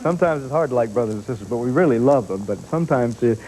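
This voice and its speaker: A quick-talking man hosts a children's TV show, chatting cheerfully with the kids in the studio and laughing easily. His voice is mellow and dark, and a faint hiss sits under it. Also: medium pitch, expressive, low-quality recording. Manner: cheerful, asks children questions, laughs often.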